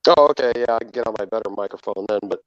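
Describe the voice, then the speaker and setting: A man calling in from his phone while out, talking about puppets in an unhurried way with plenty of fillers. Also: on the low side, no room sound. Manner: unhurried, explains things with fillers. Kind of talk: casual chat. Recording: dull, robotic phone mic.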